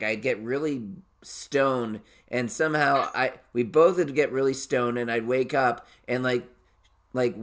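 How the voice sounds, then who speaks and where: A man from Nebraska hosts a loose, casual podcast conversation at an ordinary mid pitch. He rambles through stories, piling on fillers and swear words and laughing often. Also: a bit bright. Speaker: podcast host.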